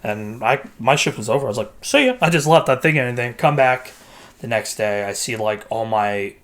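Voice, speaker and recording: A young man casually telling a story on a podcast, animated, swearing and laughing as he goes. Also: medium pitch, brisk. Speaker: podcast host.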